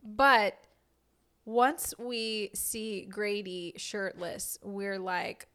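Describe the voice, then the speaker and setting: A woman's voice: mid-range voice, extremely slow, fairly bright tone, smooth. A woman co-hosting a podcast, giggly and gushing in a casual movie review chat. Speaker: podcast co-host.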